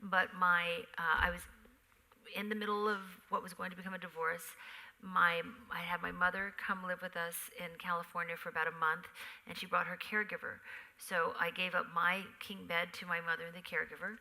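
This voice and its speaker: A middle-aged woman, a memoir author on a theater stage, telling animated stories in a live conversation and acting out sounds. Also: lowish voice, fairly quick, vocal fry, rough recording. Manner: animated storyteller who acts out sounds.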